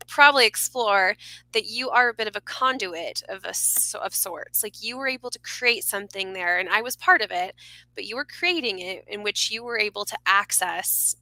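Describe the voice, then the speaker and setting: A woman speaking as a podcast guest, earnest and expressive, laughing often as she talks about mystical experiences. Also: mid-range voice, dry recording, low-quality recording. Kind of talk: casual conversation.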